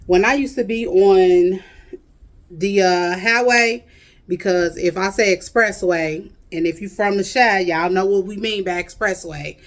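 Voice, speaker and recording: Chicago woman vlogging, drags her words, calls everybody y'all and honey, middle pitch. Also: measured pace. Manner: drawling, chatty, addresses viewers as y'all and honey. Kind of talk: casual chat to viewers.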